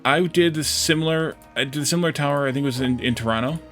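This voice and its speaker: A man's voice: fairly high pitch, fairly bright tone, faint music behind. Easygoing man chatting while gaming. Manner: easygoing, chatty, with halting restarts. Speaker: host streamer. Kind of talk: casual voice chat while gaming. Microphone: voice chat mic.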